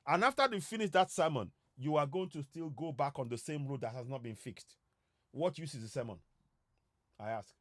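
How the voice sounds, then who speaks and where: A man's voice: on the high side, animated, normal speed, no room sound, clean studio sound. A man giving an impassioned broadcast address, urging listeners with repeated calls to act. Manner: urgent, repetitive, exhorting. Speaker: political commentator.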